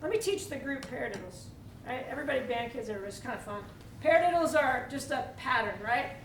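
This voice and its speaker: A woman's voice: high voice, lively intonation, fast talker, a little hiss or hum. A woman teaching a live percussion clinic, chatty and quizzing the audience. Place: large echoey hall with audience. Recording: roomy live hall, distant mic, loud drumming.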